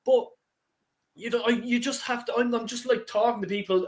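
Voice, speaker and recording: An Irish man hosting a casual fan call-in chat, talking in an excitable, sweary and rambling way. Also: very high voice, normal speed. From Ireland. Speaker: host.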